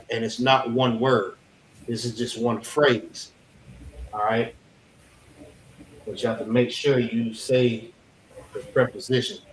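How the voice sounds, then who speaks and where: A man teaching a language class, patiently repeating words slowly for students. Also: mid-range voice. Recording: echoey room, faint background noise.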